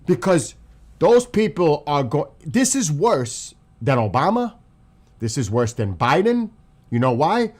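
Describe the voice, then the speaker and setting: Furious man ranting with swinging pitch. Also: very animated, measured pace, a little mellow. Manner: furious, profane, repeats himself for emphasis. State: upset and livid. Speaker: commentary channel host. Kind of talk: angry political rant to camera.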